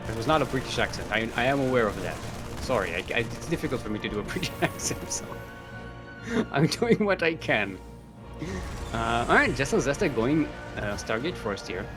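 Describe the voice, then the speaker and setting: Animated, rambling male game caster. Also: medium pitch, a little fast, music in the background. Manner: rambling, jokey, chuckling, many fillers. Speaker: esports caster. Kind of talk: live game commentary.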